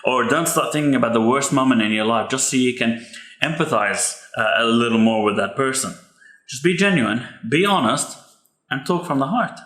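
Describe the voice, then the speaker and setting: A man's voice: mid-range voice, animated, normal speed, fairly bright tone. A man, a pastor's son hosting a podcast, giving earnest, heartfelt advice about grief. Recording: echoey room.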